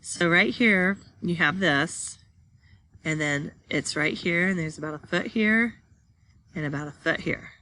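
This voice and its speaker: A woman's voice: lowish voice, unhurried, pushed and bright. A woman teaching a class, reading slide text aloud and then explaining it while pointing at pictures.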